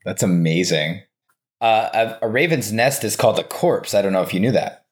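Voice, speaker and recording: A man's voice: fairly low pitch, lively intonation, normal speed. A man chatting as a guest on a podcast, playful and teasing, inventing fake facts with a straight face. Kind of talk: casual chat.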